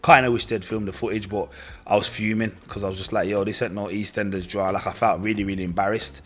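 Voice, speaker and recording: A man's voice: fairly low pitch, fairly even intonation, fast talker. A young man telling his own story in casual, slangy speech, acting out what others said to him. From Britain. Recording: faint music behind voice.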